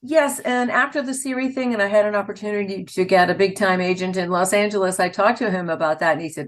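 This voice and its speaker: A woman's voice: medium pitch, fast, hardly any pauses. A woman, a voice actor telling stories in a casual interview and laughing often. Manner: chatty, laughs often, storytelling. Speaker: voice actor guest.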